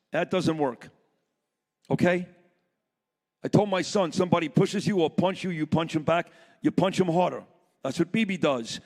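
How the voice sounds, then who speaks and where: A man with a notably high voice speaks bluntly and with fire to a summit audience. His talk is plain and punchy, rallying the room. Long reverb of a big conference hall trails each line. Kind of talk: impassioned speech to a live audience.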